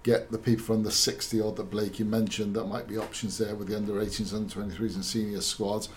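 A man giving his opinion as a pundit in casual discussion, halting and searching for his words. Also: lowish voice, little pitch movement, slight background noise.

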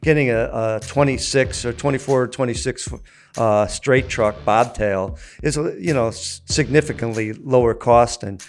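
A man being interviewed as an association chairman, answering in a measured, businesslike way. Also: mid-range voice, slight background noise.

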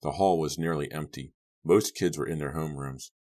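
A man narrating a young adult horror audiobook in a steady, even storytelling voice. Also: extremely low pitch, brisk.

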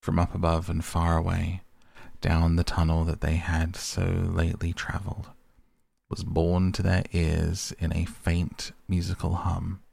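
Deep gravelly man reading a bedtime story. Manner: softly spoken, unhurried. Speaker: audiobook narrator, podcast host.

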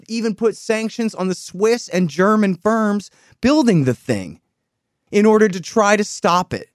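Guy hosting a political chat, kinda high voice, dry close mic, sarcastic and mocking. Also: dry recording. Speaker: show host.

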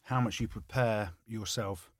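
A man in his forties, a retired rugby player co-hosting a podcast, chatting casually and teasing his co-hosts loudly. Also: lowish voice, a little slow, dry recording. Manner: teasing, loud and lively when joking. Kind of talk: casual banter.

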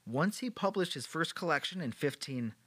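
This man's voice is on the high side, fairly bright and a little breathy, with lively intonation at normal speed on a dry recording. As a podcast host, he tells history casually and playfully with sarcastic asides.

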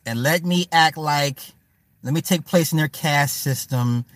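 This livestream host keeps the commentary casual, cracking loose, profane jokes and addressing viewers in chat by name. He speaks a little slowly in a slightly high, fairly bright voice, and the recording has no echo.

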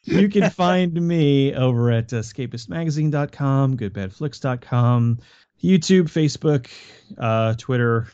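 A man's voice: medium pitch, unhurried, warm tone, clean tone, muffled recording. A man co-hosting a film podcast, rambling casually and trailing off. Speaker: podcast co-host.

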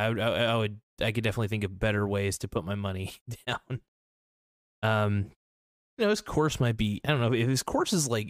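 A man talks through his opinions casually, rambling, blunt and quick to swear. His voice sits fairly low. The sound is dry and close, with no room around it. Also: no echo. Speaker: commentator. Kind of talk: casual reaction commentary.

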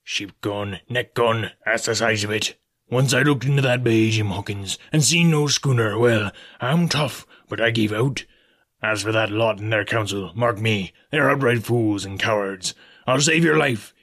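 A man playing cunning old pirate cook, slow drawl, low confiding voice, audiobook reading. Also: fairly bright tone. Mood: scheming.

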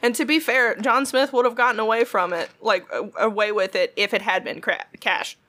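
A woman tells a workplace story in a lively, swear-filled chat. Her voice sits a little high, and she acts out each person's lines with gusto. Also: fairly quick. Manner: animated, swears freely, acts out quotes. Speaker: retail worker telling a story.

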